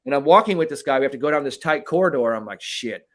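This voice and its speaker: A man co-hosting a podcast as a mental skills coach, telling a story in a casual, animated way, swearing now and then and often checking in with "right?". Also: on the high side, rapid-fire.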